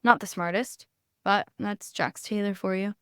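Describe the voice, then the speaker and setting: A young woman hosting a podcast, giving blunt, animated opinions in casual chat, swearing freely and saying "like" often. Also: medium pitch, a little slow, smooth, dry recording, studio quality. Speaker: podcast host.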